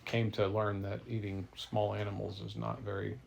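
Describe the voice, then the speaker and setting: A man's voice: fairly low pitch, little pitch movement, moderate pace, gravelly, darkish tone, a little hiss or hum. A man improvising a playful, rambling bedtime story for a child. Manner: playful, rambling, easily corrected.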